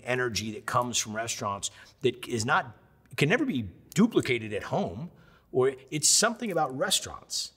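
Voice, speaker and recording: A man in his fifties from the United States, telling stories in a lively sit-down interview and acting out the quotes. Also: medium pitch, long reverb tail. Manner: animated storyteller who acts out quotes. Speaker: interview guest, chef.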